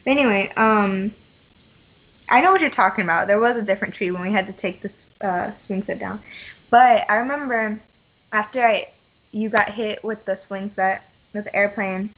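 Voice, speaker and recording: A woman in casual chat, telling a story with animated quotes and frequent laughs. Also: mid-range voice, normal speed, rough recording.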